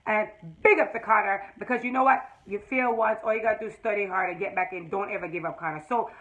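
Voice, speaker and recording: A woman's voice: medium pitch, fast, a bit bright, muffled recording. A woman giving a casual, emphatic, slangy recap of a TV episode and talking straight to her viewers. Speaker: TV episode reviewer.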